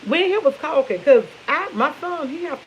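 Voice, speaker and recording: With a voice that sits high and a moderate pace, a 50-something vlogger shares stories over morning coffee in her home kitchen. She's chatty and animated, speaks to "y'all," and the low-quality audio carries a bit of hiss or hum.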